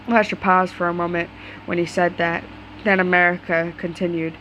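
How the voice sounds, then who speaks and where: A woman's voice: lowish voice, moderate pace, a bit bright, a little hiss or hum, low-quality recording. Casual woman reading a story aloud. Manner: casual, stumbling, swears in asides. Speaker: story reader. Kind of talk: reading fan fiction aloud.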